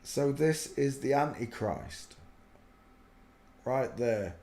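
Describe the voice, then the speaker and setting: A man's voice: mid-range voice, expressive, very slow, mellow. A man giving earnest, preachy spoken commentary on faith, rambling with many fillers, in an echoey room. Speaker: religious video host.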